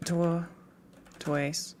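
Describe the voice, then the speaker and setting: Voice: mid-range voice, little pitch movement, drawn-out words, a little mellow, a little hiss or hum. Rambling English streamer from the Midlands. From Midlands, England. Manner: rambling, self-mocking, laughs often. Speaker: live streamer. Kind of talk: casual live-stream chat reacting to tips.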